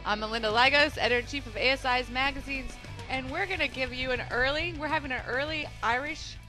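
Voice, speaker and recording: A woman hosting a chatty morning studio show. Her voice sits high and sounds bright and crisp. She talks in an upbeat, brisk way and laughs easily. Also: faint music behind. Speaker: show host and magazine editor-in-chief.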